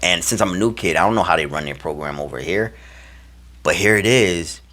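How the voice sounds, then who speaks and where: A man casually telling a personal story to camera, animated and slangy, acting out the lines he and others said. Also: deep voice, fairly quick. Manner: animated, acts out his own and others' quoted lines; slangy, loose phrasing with many fillers.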